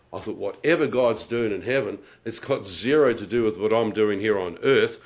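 This guest is a middle-aged man with a lowish, vocal-fried voice who talks at a normal speed with few pauses. He gives a wry, vivid testimony of his conversion, laughing at himself and voicing his own thoughts aloud as he recounts how his life changed.

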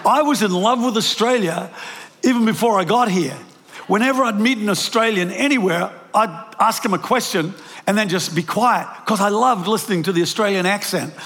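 Older kiwi pastor preaching, fairly high voice, long echo off a big hall. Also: male voice, moderate pace, fairly bright tone. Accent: New Zealand. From New Zealand. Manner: anecdotal, self-deprecating, frequent restarts. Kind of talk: sermon. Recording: preached in a large reverberant hall.

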